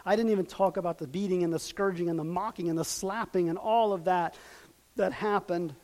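A man delivers a sermon in a high voice. He swings from loud, emphatic peaks to hushed, quiet passages. He acts out quoted lines and puts questions to his listeners. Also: steady tone, a little fast. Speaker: preacher.

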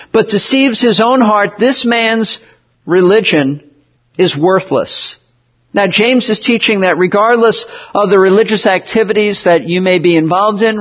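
A man preaching a sermon to his congregation, earnest and emphatic, often repeating a phrase for stress. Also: sits high. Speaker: pastor. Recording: dull, lo-fi sound.

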